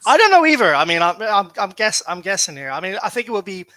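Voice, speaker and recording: An Irish man talks fast and eagerly, stumbling over restarts as he gets worked up. His voice is fairly high and very bright. The sound is close and dry. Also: no echo, poor audio. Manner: excitable, stammering restarts. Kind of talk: casual fan chat.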